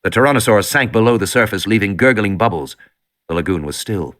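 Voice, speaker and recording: Lively bright-voiced male audiobook narrator. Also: on the low side, fairly quick. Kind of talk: scripted narration.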